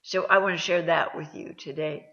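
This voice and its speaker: A woman host telling personal stories about near-death experiences in a slow, halting way, with frequent ums and restarts. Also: deep voice, steady tone, fairly bright tone. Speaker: host and counselor. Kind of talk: personal storytelling talk. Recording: dull lo-fi sound.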